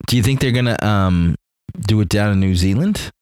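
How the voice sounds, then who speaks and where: A middle-aged priest co-hosting a casual podcast chat, animated and playful, often restarting his sentences. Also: fairly low pitch, moderate pace, clear, resonant tone, dry recording.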